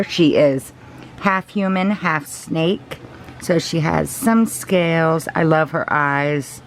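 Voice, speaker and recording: A woman chatting casually and gushing softly, laughing often as she shows off her collection. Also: deep voice, slight background noise. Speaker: reborn doll collector. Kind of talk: casual show-and-tell vlog.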